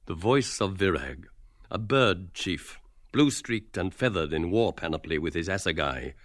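A man's voice: sits low, expressive, unhurried, a bit bright, no echo, studio quality. A man giving scripted narration of the stage directions in a radio drama.

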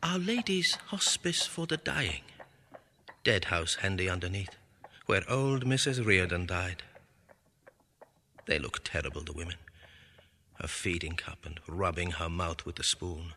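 A man's voice: low voice, expressive, unhurried, long pauses, pushed and bright, a little hiss or hum, exaggerated voice. An actor voicing a middle-aged man's inner monologue in clipped, murmured fragments of thought. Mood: musing. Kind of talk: audio drama inner monologue.

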